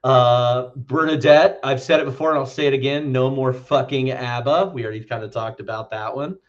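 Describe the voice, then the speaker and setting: A man talks through a film on a podcast in a loose, meandering way, with a casual habit of swearing. His voice sits at an ordinary middle pitch. The recording is a little dull and lo-fi. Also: steady tone, a little fast. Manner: loose and rambling, swears freely. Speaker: podcast co-host.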